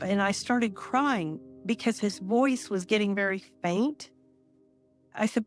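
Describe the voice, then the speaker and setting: A woman in her sixties speaks slowly and thoughtfully as an interview guest. She recounts her story with pauses between phrases. Soft music plays faintly underneath. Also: mid-range voice. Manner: measured and reflective, pausing between phrases.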